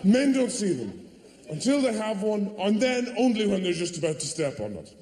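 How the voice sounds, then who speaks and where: A man's voice: high-pitched, big pitch swings, normal speed, noisy background. A man doing a stand-up comedy routine on stage, rambling and digressive with lots of hesitant fillers. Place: theatre stage before a live audience. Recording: roomy hall reverb, faint audience ambience.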